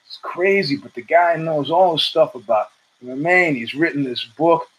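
Over a rough recording, a man with a husky voice hosts his own podcast at a moderate pace. His loose monologue is full of tangents, false starts, and cursing, and he plays out quotes in a raised pitch.

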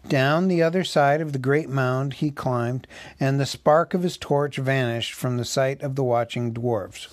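Slow, measured male storyteller. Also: mid-range voice, dry recording. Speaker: audiobook reader. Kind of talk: reading a novel aloud.

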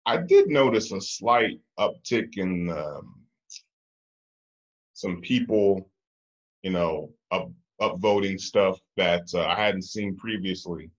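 A man's voice: deep voice, slow, highs cut off. A man co-hosting a podcast in casual chat, hesitant with many fillers. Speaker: podcast co-host.

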